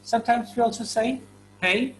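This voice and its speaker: A man teaching slang in a casual online lesson, chatty, often checking in with "right?" and slowing down to repeat examples. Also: on the high side, expressive, faint music behind, low-quality recording. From India. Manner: chatty, repeats examples slowly, frequent "right?" and "you know". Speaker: English teacher.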